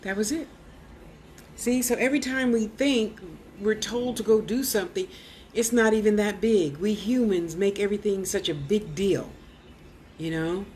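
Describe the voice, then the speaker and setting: Her mid-range voice moves at normal speed, with a little hiss or hum in the audio, as this spiritual teacher and vlogger chats through a personal testimony. She performs others' lines, slips into whispers, and sprinkles her story with "you know."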